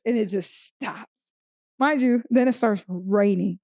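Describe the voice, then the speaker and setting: A woman's voice: a little high, moderate pace, dry recording, studio quality. A woman co-hosting a podcast, telling a story in casual chat and acting out the quotes. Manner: animated storyteller who acts out quotes. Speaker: podcast co-host.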